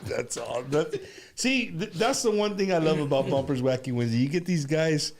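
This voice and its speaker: A man hosting a casual interview show, chatting in a relaxed way with frequent restarts. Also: a little high, moderate pace. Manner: relaxed, repeats and restarts words. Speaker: host.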